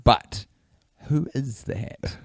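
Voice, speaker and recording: A man's voice: mid-range voice, slow, dry recording, clean studio sound. A man co-hosting a comedy podcast, playful and riffing in casual chat. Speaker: podcast co-host.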